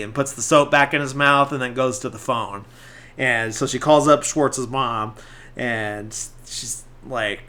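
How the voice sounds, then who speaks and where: A podcast host with a medium-pitched, bright, forceful male voice speaks a little slowly. He casually recaps a movie scene by scene, rambling, leaning heavily on fillers and acting out the quotes.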